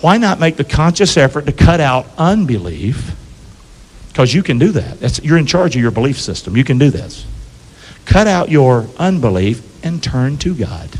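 A male pastor delivers an animated sermon, his fairly high voice ringing through a church sanctuary with a long reverb tail. He keeps asking the congregation to answer back. He swings from loud calls down to low, close asides. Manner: call-and-response preaching, asks the congregation to answer.

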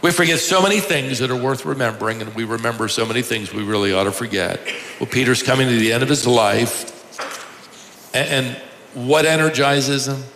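Bright-voiced preacher in an echoey hall. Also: male voice, mid-range voice, normal speed. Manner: humorous storytelling with chuckles. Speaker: pastor. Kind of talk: sermon. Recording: echoey hall, faint noise.

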